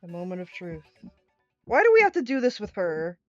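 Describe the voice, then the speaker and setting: A woman's voice: on the low side, wildly swooping pitch, brisk, lo-fi sound. A woman streamer giving casual, exasperated commentary on a game, laughing and swearing often. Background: faint game music.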